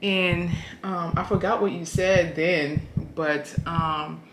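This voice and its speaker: A woman's voice: fairly low pitch, fairly even intonation, slow, roomy sound, noisy background. A woman in her thirties, a family vlogger, chatting casually about how she met her husband, flustered and giggly, often tacking on "okay?". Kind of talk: casual storytelling chat.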